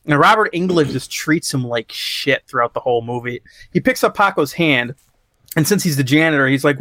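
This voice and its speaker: A man's voice: on the high side, lively intonation, brisk, pushed and bright, no echo, clean studio sound. A man casually recapping a movie on a podcast, rambling and profane, laughing at his own story and acting out lines. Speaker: podcast co-host reviewing a movie. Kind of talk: casual chat.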